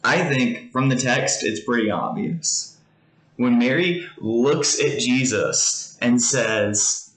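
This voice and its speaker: A pastor gives a devotional teaching in an earnest, conversational way, explaining with everyday examples. His medium-pitched voice is expressive, unhurried and a bit bright, recorded with roomy echo.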